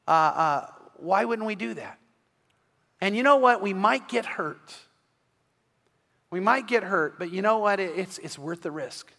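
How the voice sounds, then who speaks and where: A man's voice: sits high, expressive, unhurried, long pauses, pushed and bright. A man preaching an evening sermon, telling stories earnestly and often restarting his sentences. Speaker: pastor. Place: church sanctuary. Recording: long reverb of a church hall.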